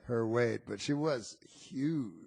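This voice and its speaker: A man's voice: medium pitch, takes it slowly, vocal fry, darkish tone. A man, a podcast guest, telling long rambling anecdotes in a dry, casual way.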